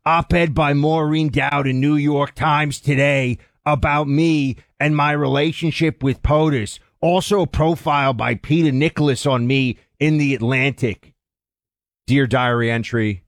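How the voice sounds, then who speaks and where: A man co-hosting a political talk show, indignant, his voice swinging high when he gets heated. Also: fairly even intonation, measured pace, no echo, studio quality. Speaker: radio co-host.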